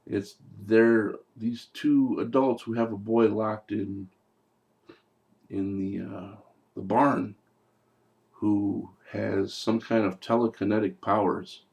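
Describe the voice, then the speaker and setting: Male reviewer, gravelly voice, swears freely, sarcastic and rambling. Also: lowish voice, steady tone, takes it slowly, darkish tone. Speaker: movie reviewer. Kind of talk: casual spoken movie review.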